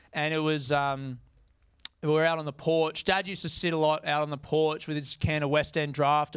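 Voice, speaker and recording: A man's voice: on the high side, fairly bright tone, clean tone. An Australian man performing stand-up comedy, casual and self-mocking, with frequent swearing.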